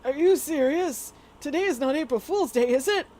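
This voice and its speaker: A woman's voice: high voice, lively intonation, moderate pace, mellow, pitched above the performer's own voice. A woman reading the lines of an indignant old male courtroom judge from a game, scolding and incredulous. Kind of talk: reading game dialogue aloud.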